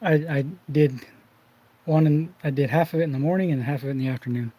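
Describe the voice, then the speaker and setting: A man's voice: a little high, fast talker, dark tone, husky, rough recording. A man hosting a card collecting channel, chatting casually behind the scenes and telling rambling anecdotes full of restarts.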